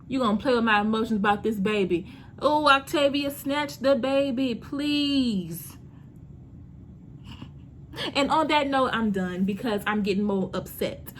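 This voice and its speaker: A young woman vlogger recaps a TV episode in a sassy, animated chat, calling her viewers "girl" and "honey". Her voice sits a bit high. A faint hiss of background noise runs under the recording. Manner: sassy, animated, speaks straight to her audience with endearments.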